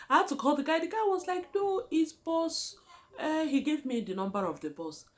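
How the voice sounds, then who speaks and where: Lively Nigerian woman telling a story. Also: high voice, moderate pace. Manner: animated, laughing often, addresses viewers as guys. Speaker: vlogger. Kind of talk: casual storytelling.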